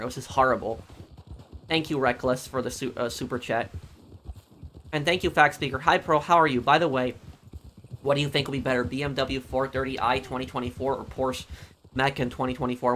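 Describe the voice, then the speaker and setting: A man chatting live with viewers on a game stream, rambling and halting, with many fillers as he answers their questions. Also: medium pitch, fairly bright tone, a little hiss or hum. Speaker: gaming streamer.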